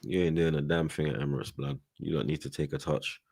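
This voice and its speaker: A man trading brash, loud street-slang banter on a football podcast. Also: extremely low pitch, steady tone, quick pace, vocal fry, husky. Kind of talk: casual chat.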